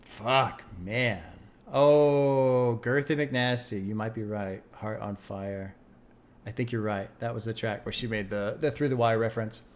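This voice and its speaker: A man's voice: lowish voice, fairly even intonation, unhurried. Casual, swearing male reaction host. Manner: emphatic and profane, thinking aloud.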